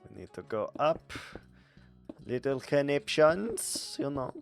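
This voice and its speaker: Slow-talking playful male streamer. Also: a little high, huge pitch swings, vocal fry, faint music behind. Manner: playful, silly, muttering to himself. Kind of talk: casual gameplay commentary.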